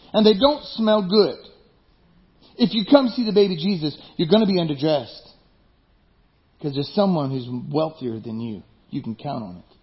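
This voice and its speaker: Joking, high-voiced male pastor. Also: muffled recording. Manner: conversational and joking, asks the listeners questions. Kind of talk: sermon.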